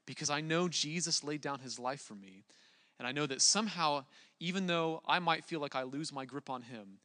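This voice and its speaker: A young man preaching a relaxed, conversational sermon, with plenty of fillers and restarts. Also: fairly high pitch, big-room sound.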